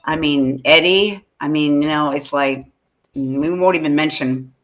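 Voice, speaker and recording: Chatty woman with a lowish voice. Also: measured pace. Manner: chatty, laughs often, many fillers. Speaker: co-host of a fan podcast. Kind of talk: casual chat.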